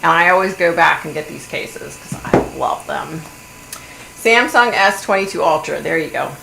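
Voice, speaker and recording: Blunt, gravelly woman chatting. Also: deep voice, moderate pace. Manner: animated, blunt, swears. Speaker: livestream host. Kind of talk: casual gossipy chat. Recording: echoey room, faint hum.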